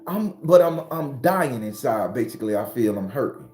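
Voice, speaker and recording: Talking to his followers in an earthy, preachy style, a man with a Southern drawl keeps repeating and stressing his spiritual lessons. His mid-range voice is animated and somewhat dark, with a moderate pace and a reverberant sound.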